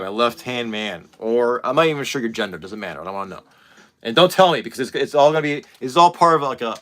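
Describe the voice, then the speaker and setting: A man in his forties talks his way through a casual vlog, rambling and excitable, with plenty of profanity. His voice is bright and forceful, at a middle pitch. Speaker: channel host.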